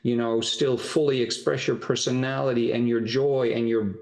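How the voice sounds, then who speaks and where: A man's voice: mid-range voice, steady tone, creaky, a little mellow. A man giving a private spiritual coaching session in an encouraging, flowing way, stretching out his key words. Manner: encouraging, flowing, drawn-out emphasis. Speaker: spiritual teacher.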